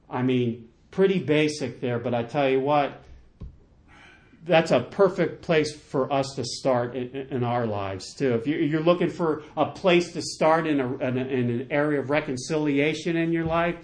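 Enthusiastic male preacher, fairly high voice. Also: moderate pace. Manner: enthusiastic and emphatic, with repetitions. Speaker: pastor. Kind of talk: sermon.

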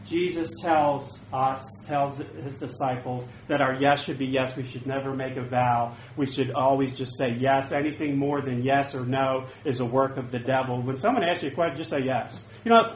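A man preaching a sermon, swinging from loud bursts to hushed asides. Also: mid-range voice, normal speed, reverberant, slight background noise, rough recording.

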